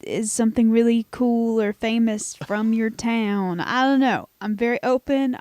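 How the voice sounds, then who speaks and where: A woman's voice: a little high, fairly even intonation, unhurried, a little mellow, no echo. Playful woman, dry close mic. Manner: playful, teasing, laughs easily. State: hiccups. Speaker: podcast co-host. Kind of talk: casual chat and reading a listener story aloud.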